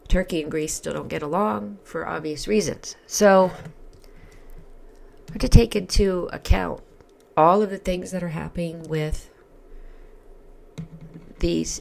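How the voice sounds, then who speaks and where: A hoarse woman giving casual religious commentary in a halting way, with many fillers and restarts. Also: low voice. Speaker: Orthodox Christian commentary vlogger.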